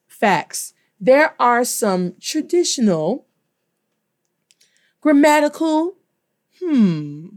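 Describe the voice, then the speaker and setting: Sassy woman, language-teacher type, slow and deliberate delivery, teasing and lively. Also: sits high. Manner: playful, sassy, mixing English and Spanish. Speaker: Spanish teacher. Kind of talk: casual video lesson.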